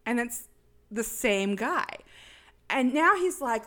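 A woman in a relaxed podcast chat walks through a film scene by scene. She talks in a chatty, irreverent way, jokes along the way, and puts on the voices of the characters she quotes. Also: a little high, slow pace. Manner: chatty, irreverent, acts out quoted lines with laughs. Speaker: podcast co-host recapping a film. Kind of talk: casual chat.

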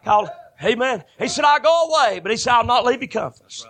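Fervent high-pitched preacher with a bright voice. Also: male voice, animated, quick pace. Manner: fervent, rising to shouted bursts. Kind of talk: sermon.

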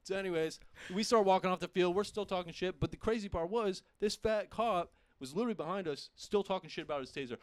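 A young man casually telling a profane, animated story among friends, laughing often. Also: fairly high pitch, fast, clear, resonant tone, dry recording. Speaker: podcast host.

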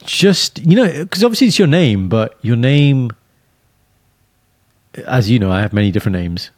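A young man co-hosting a podcast, chatting casually, animated and laughing often, dropping Punjabi phrases in. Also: medium pitch, normal speed, dry recording. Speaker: podcast co-host. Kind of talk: casual chat.

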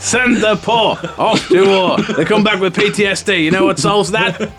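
A man co-hosting a comedy podcast who cracks crude, deadpan jokes and laughs at them. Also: sits high, moderate pace, loud music behind the voice. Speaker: podcast co-host. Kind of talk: casual comedic chat.

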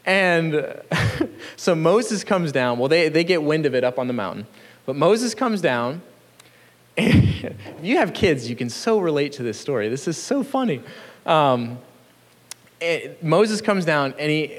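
A man delivers a sermon in a relaxed, earnest, conversational manner, with a somewhat raised voice. His words ring out with a long reverb through a large room. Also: fairly high pitch, unhurried. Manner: earnest, conversational, chuckles between points. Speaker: pastor.

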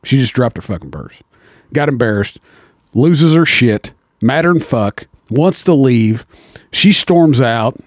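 A man's voice: mid-range voice, animated, measured pace, dry recording, clean studio sound. A man telling a profane story in a casual chat, breaking into laughter now and then.

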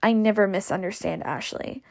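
Earnest young lady, halting and gravelly, slow as a woman reads her, storybook reading. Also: on the high side, darkish tone. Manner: hesitant, stumbling over words.

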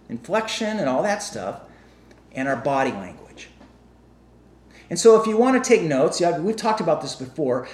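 Man, pastor, sermon, fairly high voice, animated delivery, echoey hall. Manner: animated, asks the congregation questions.

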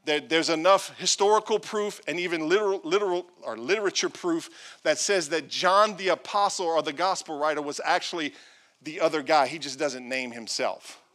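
A man's voice: on the high side, moderate pace, a bit bright. A male pastor preaching a sermon, reading scripture aloud with playful asides and acted-out quotes.

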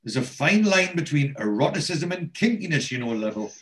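A man's voice: fairly high pitch, sing-song, fairly quick. A man quoting a middle-aged sitcom wife who is wry and put-upon, without changing much from his own voice. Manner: casual retelling of a sitcom scene.

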